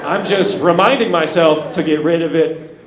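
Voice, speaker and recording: A man of thirty doing a stand-up comedy set, swinging between loud outbursts and low muttered asides. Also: normal speed. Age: 30s. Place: comedy club stage. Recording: echoey club with loud room noise.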